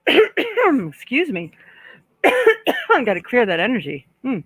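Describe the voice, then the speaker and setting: A woman's voice: fairly high pitch, no room sound, rough recording. A woman psychic hosting a live stream, chatting casually with viewers and passing on messages she says come from spirit. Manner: frequent throat clearing and small laughs. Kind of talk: casual live-stream chat and card reading.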